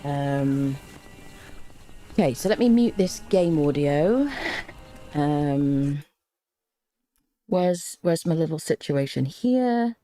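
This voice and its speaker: Gushing low-voiced woman streamer. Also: takes it slowly, long pauses, no echo, faint music behind. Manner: gushing, excitable, chatty, greets viewers by name. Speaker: streamer reading live chat. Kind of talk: excited casual livestream chat.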